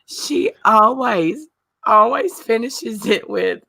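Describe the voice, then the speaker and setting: A woman's voice: fairly high pitch, lively intonation, slow, gravelly, pushed and bright. Southern woman, sick and teasing. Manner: laughing, teasing. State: sick, on cold medicine. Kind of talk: casual group chat.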